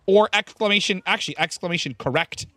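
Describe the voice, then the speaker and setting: A man's voice: sits high, quick pace, sharp tone. A man streaming a game, chatting casually with his viewers in a rambling, profane, hyped way. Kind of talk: casual live-stream chat while gaming.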